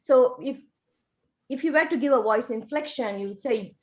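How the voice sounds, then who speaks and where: A woman's voice: sits high, normal speed. A woman evaluating a club member's first speech over a video call, in an encouraging, teacherly way.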